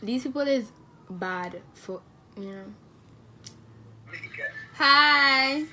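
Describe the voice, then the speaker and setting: A woman's voice: high-pitched, lively intonation, drawn-out words, sharp tone, slight background noise. An eighteen-year-old woman vlogging casual video calls with strangers on her phone, slangy and repeating the same question again and again.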